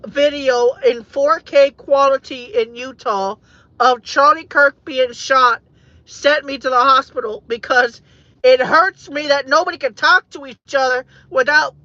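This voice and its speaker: A woman vlogging in a car, talking in an emotional, halting, rambling way, repeating herself and saying "man" a lot. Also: high voice, bright, forceful tone, dry recording. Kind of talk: emotional off-the-cuff monologue. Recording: dull, dry lo-fi audio.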